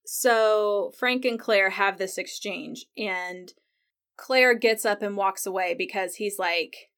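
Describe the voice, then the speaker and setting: A woman's voice: mid-range voice, slow, fairly bright tone. A chatty woman with a mid-range voice, recapping a TV episode in a casual, conversational way. She leans on "like" often and retells scenes with real feeling. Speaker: podcast host.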